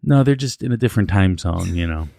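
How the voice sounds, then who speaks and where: Low gravelly guy hosting a podcast, teasing and joking, dry close sound. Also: animated, quick pace, mellow, no echo. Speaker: podcast host. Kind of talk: casual chat and show announcements.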